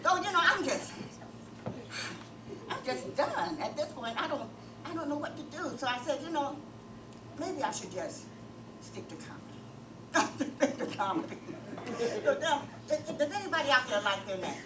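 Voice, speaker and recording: A woman's voice: high-pitched, lively intonation, moderate pace. An older woman performing a stand-up comedy set, telling stories and doing crowd work in a club. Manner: storytelling, sings a comic song. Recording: echoey club audio, far from mic, noisy.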